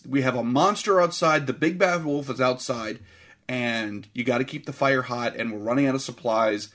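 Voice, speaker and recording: A man co-hosting a casual film review podcast, talking in a lively, profane, mocking way. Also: mid-range voice. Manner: animated, profane, mocking impressions. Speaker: podcast co-host.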